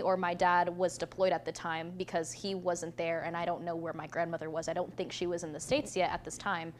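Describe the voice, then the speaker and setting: A young woman co-hosting a podcast, telling a story in a casual, animated way and laughing often. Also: on the low side, slight background noise. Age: young adult. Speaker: podcast co-host. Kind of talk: casual chat.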